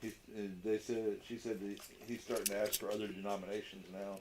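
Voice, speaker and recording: A man's voice: lowish voice, brisk. A man co-hosting a livestream, chatting casually and joking in a rambling way. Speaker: co-host of a coin roll hunting livestream. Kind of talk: casual chat. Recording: clear steady background noise.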